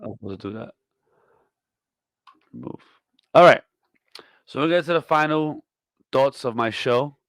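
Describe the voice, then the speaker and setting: A man hosting a comedy podcast, delivering a profane, mock-scolding tirade that swings from loud to muttered. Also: mid-range voice, expressive, normal speed, pauses often, no room sound. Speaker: podcast host. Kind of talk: comedic rant.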